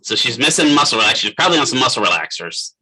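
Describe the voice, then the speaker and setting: A man's voice: mid-range voice, very animated, rapid-fire, pushed and bright, breathy edge, rough recording. A middle-aged man teaching a physical therapy class in a conversational lecture, often putting questions to students by name. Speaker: physical therapist assistant instructor.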